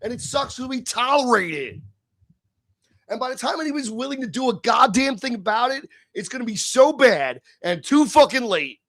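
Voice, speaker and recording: A tipsy man hosting a live stream, ranting and swearing, swinging between low mutters and shouted outbursts. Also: sing-song, moderate pace, dry recording, clean studio sound. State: tipsy from beer. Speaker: livestream host. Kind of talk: profane live-stream rant.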